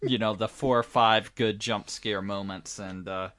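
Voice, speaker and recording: A man's voice: lowish voice, steady tone, a little slow, fairly bright tone, dry recording. A man in casual chat about a horror movie, laid-back and joking, swearing casually.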